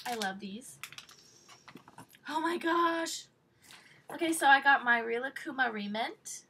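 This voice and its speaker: A woman opening a package for her vlog, gushing and excitable, often squealing. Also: on the high side, moderate pace, a little hiss or hum, low-quality recording. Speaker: vlogger.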